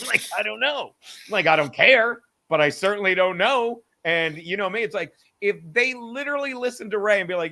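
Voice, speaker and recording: A middle-aged man with a high, bright, sharp voice rants through a casual comedy podcast. He argues his side in an animated way, swears freely and laughs at his own points. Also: fairly quick, gravelly. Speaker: podcast host.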